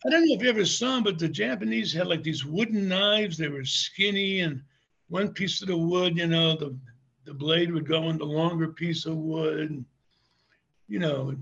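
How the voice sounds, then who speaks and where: A man's voice: fairly high pitch, moderate pace, vocal fry, a bit bright, husky, dull audio. An older man, a former wrestler, telling rambling anecdotes in an interview, chuckling often and restarting his sentences. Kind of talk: casual anecdotal storytelling.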